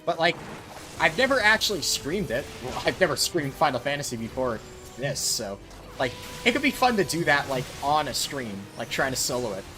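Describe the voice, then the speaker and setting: A man from New Jersey chatting casually while streaming a video game, relaxed and talkative as he reacts to his chat. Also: fairly high pitch, moderate pace, music in the background. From New Jersey, USA.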